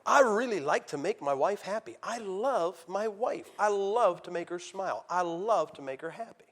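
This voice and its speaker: A man's voice: high-pitched, animated, normal speed, fairly bright tone. A middle-aged man preaching, an evangelist telling his own story in a conversational, emotional and direct way. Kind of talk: sermon testimony.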